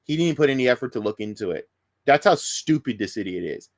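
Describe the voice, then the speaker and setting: A man's voice: mid-range voice, lively intonation, a little fast. A man ranting in casual stream commentary, profane, heated and sarcastic. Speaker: streamer reacting to news.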